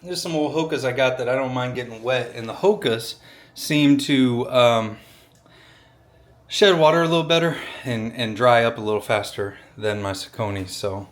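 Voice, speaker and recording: A man's voice: medium pitch, normal speed. A man talking casually to camera in a vlog, rambling and folksy, often saying "y'all". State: out of breath while running. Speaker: vlogger.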